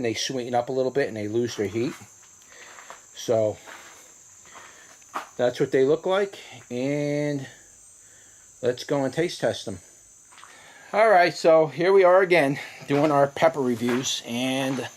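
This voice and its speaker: A man's voice: medium pitch, slight background noise. A man casually reviewing hot peppers outdoors in his garden, talking through the burn as he eats them. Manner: chatty, exclaims and coughs from the heat. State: hiccuping, burning mouth.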